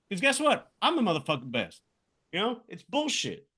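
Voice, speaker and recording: A man with a high, bright, sharp voice holds forth on a podcast. He rants in a heated, swearing flood of casual talk, a co-host in his thirties. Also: huge pitch swings, moderate pace, slightly rough. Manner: profane, heated ranting. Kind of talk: casual chat.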